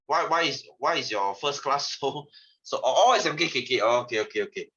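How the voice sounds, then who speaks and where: On a lo-fi, dull-sounding recording, a science tutor speaks fast in Malaysian-accented English, his bright voice swinging wildly in pitch. He jokes through the lesson, teasing the class and laughing often in an animated way.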